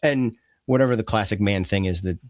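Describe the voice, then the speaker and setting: A man's voice: lowish voice, a little fast, no room sound, studio quality. A man who is an ADHD coach, explaining ideas in a casual podcast chat and acting out both sides of arguments.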